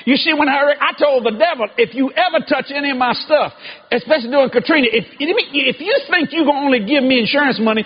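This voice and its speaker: High-voiced preacher man, emphatic. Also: expressive, fast talker. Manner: emphatic, shouting at peaks. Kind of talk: sermon. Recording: dull lo-fi recording with faint noise.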